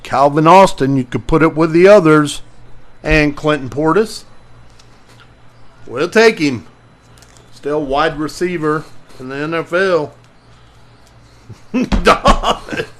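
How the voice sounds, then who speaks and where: Slow-talking man hosting a live card break. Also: a little high, fairly bright tone. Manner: calls out player names while opening packs, greets viewers by name.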